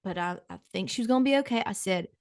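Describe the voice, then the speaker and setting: Middle-aged lady gossiping on her podcast, gravelly fry, dry close sound. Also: mid-range voice, quick pace, no room sound. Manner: gossipy, dramatic, talks to her co-host. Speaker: podcast host. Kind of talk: comedic storytelling monologue.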